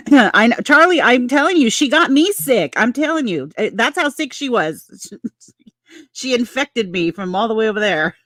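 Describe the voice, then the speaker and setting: Co-host, female, stuffy and sniffly, self-mocking, quick to laugh, bouncy pitch. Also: expressive, fairly bright tone, dry recording. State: congested, sniffly. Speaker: co-host of a live stream. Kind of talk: casual chat.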